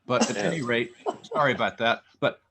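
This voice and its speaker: Male host, jokey and chatty, mid pitch. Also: big pitch swings, fairly quick, creaky, noisy background. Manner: jokey, conversational. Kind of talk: interview talk.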